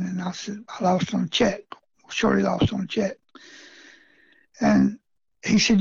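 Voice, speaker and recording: A man's voice: high-pitched, fairly even intonation, measured pace, creaky, long pauses, slightly rough, dry recording. A middle-aged man telling a story in a casual interview, folksy and chuckling often, with rural grammar. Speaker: rabbit hunting guest. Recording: dull lo-fi sound.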